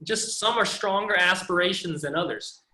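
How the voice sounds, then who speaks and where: A man's voice: high-pitched, normal speed, sharp tone, roomy sound. A man teaching pronunciation over a video call, patiently demonstrating sounds again and again. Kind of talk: online pronunciation class.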